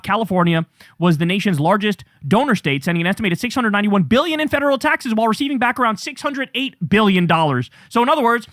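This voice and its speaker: A man's voice: high-pitched, a bit bright, no echo, studio quality. A man hosting political commentary, reading quoted posts aloud and reacting with angry, profane, sarcastic ranting.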